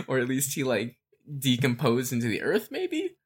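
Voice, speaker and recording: A man co-hosting a podcast, talking through fan theories in a relaxed, rambling way with lots of fillers. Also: mid-range voice, unhurried, breathy edge. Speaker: podcast co-host. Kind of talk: casual fan theory chat.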